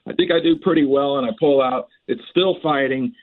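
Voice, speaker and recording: A man's voice: mid-range voice, a little fast. Man telling a story over a tinny line. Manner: laughs often, lively, restarts phrases. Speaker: podcast guest. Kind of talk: animated storytelling.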